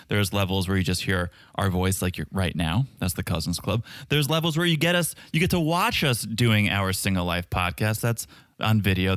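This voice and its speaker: A man's voice: fairly low pitch, a bit bright, clear, resonant tone, dry recording, studio quality. A man co-hosting a podcast with his wife, chatting casually and joking around. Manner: joking, playful banter. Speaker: podcast co-host.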